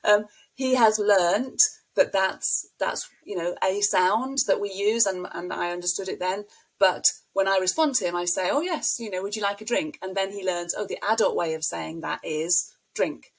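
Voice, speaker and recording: A woman's voice: medium pitch, steady tone, moderate pace, rough recording. A middle-aged woman, a speech and language therapist, explaining child language with anecdotes as a podcast guest. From United Kingdom. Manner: warm explanatory, models child talk with anecdotes. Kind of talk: podcast interview.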